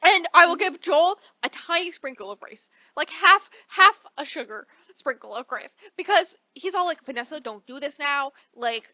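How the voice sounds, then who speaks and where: A woman's voice: high voice, normal speed, hardly any pauses, dry recording, dull audio. A woman co-hosting a casual book podcast, summarizing a story animatedly and acting out the characters' lines. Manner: animated, acts out character quotes. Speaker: podcast co-host.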